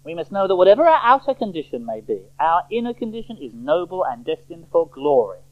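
A man preaching an expository sermon, emphatic and fond of rhetorical questions. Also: high-pitched. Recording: tinny phone-like sermon recording.

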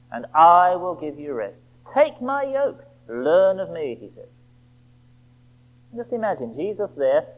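A man preaching a sermon, emphatic and rhetorical, slowing right down for quoted scripture. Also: high voice. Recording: tinny phone-like band.

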